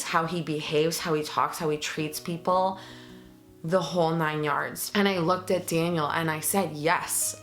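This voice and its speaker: A young woman vlogs casually about family, her voice sitting on the low side and full of earnest feeling. She is pregnant and slips in plenty of ums and uhs as she goes. Faint music plays behind her. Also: a bit bright. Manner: earnest, emotional, many fillers. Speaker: vlogger. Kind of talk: casual vlog talk to camera.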